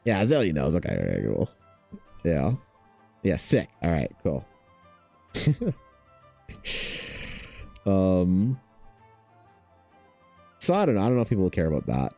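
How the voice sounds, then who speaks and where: A young man chatting casually while drawing on his art stream, telling stories in a rambling, animated way full of fillers. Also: low-pitched, unhurried, creaky, pauses often, soft background music. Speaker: artist hosting a drawing stream.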